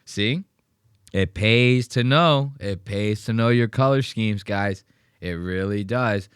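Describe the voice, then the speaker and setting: A man's voice: lowish voice, slow pace, clean tone, no room sound, studio quality. A man hosting a podcast, joking and rambling profanely while reacting to comedy clips. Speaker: podcast host. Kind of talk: casual reaction commentary.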